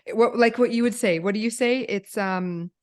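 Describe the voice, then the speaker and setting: A woman podcast host telling an emotional personal story to viewers, animated and quoting herself, with some swearing. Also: a little high, moderate pace.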